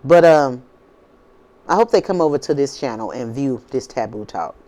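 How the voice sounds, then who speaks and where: Warm and rumbling low, this woman's voice moves at a moderate pace with plenty of animation. Hosting her own spiritual video channel, she addresses viewers casually yet preachily, repeating points and tossing out rhetorical questions in a loose drawl.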